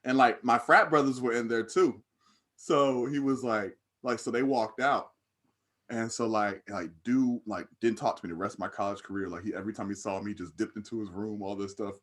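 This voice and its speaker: Young male podcast co-host, low voice, laid-back storyteller who laughs as he gets riled up. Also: normal speed, a bit bright. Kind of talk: casual storytelling.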